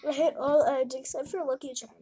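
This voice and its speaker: Giggly, teasing woman, slightly high voice. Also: fairly even intonation, brisk, mellow, soft background music. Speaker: guest, cousin of the host. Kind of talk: casual chat. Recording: noticeable background noise.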